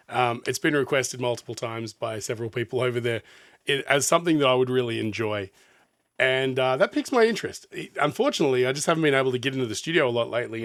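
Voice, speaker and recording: A man's voice: medium pitch, a bit bright, no room sound, studio quality. An Australian man, a music producer, chatting casually as he reacts to a song, rambling and laughing often. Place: studio.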